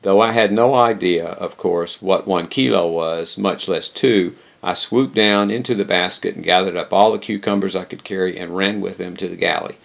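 A man reads a travel memoir aloud in a dry, wry way. His very low voice has a gravelly rasp. The recording is dull and lo-fi, like an old tape. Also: normal speed, hardly any pauses. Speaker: reader.

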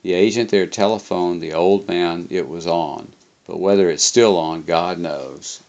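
A man's voice: deep voice, fairly even intonation, measured pace, darkish tone, muffled recording. Man reading as a fretful ship's engineer. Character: nervous weary male ship's engineer.

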